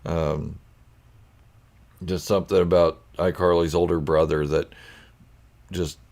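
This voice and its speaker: A man with a low, gravelly voice chats with viewers on a live stream. He is goofy and quick to laugh, telling stories and answering comments in a loose, casual way. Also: flat delivery, darkish tone. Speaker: channel host chatting with live viewers.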